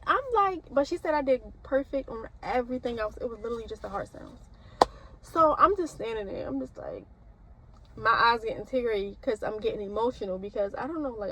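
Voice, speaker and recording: A woman's voice: on the high side, expressive, brisk, bright, forceful tone, a little hiss or hum, rough recording. A young woman nursing student, rambling casually to camera with lots of fillers and restarts. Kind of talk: casual vlog talk.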